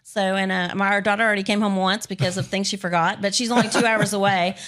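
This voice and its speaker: A woman's voice: medium pitch, fairly even intonation, quick pace, a bit bright. Chatty Texan woman in her fifties. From Texas. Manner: chatty, laughs often, self-deprecating humor. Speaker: guest. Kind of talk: casual interview chat.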